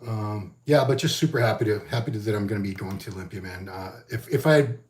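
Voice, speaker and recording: This man, a 50-something bodybuilding magazine host, rambles conversationally in a solo vlog, leaning on fillers and restarts. He talks fast in a fairly low voice.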